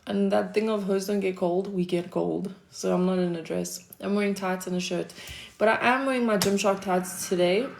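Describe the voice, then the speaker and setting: A woman's voice: medium pitch, fairly even intonation, moderate pace, vocal fry, a little mellow, slight background noise. A South African woman chatting casually on a livestream, answering her chat with a laid-back manner, frequent laughs and casual swearing.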